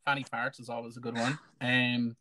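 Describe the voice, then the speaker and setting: A man's voice: medium pitch, level tone, normal speed, a loud crowd. An Irish man hosting a casual live stream chat, joking and bantering with lots of fillers and restarts. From Ireland.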